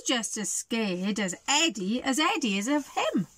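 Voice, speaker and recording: A woman, a teacher reading a storybook to children, animated and chatty, stopping to ask questions. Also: on the high side, unhurried, hardly any pauses.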